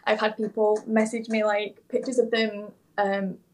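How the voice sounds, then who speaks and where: A woman's voice: mid-range voice, level tone, normal speed, darkish tone, rough recording. A young woman speaking candidly as a podcast guest over a video call, rambling and heartfelt, with lots of fillers and restarts. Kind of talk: candid interview talk. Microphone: remote video call.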